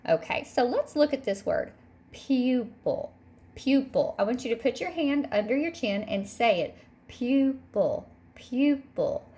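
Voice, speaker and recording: A woman teaching a third grade phonics lesson. She speaks patiently and says each word twice, clearly, so children can repeat it. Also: fairly high pitch, very animated, brisk, hardly any pauses, a little mellow. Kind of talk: recorded classroom phonics lesson.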